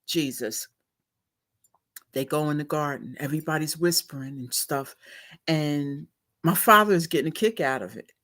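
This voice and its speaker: A woman's voice: low voice, normal speed, long pauses, fairly bright tone. A woman host telling a long, chatty story in a casual live stream, laughing as she goes.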